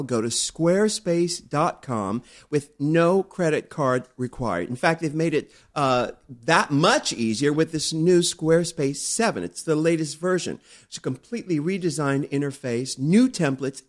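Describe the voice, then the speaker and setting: A middle-aged man co-hosting a podcast in a playful, campy way, gushing through casual chat and a read-out ad. His pitch sits a bit high and swings widely. He sounds effusive and animated. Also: measured pace, hardly any pauses. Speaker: podcast co-host.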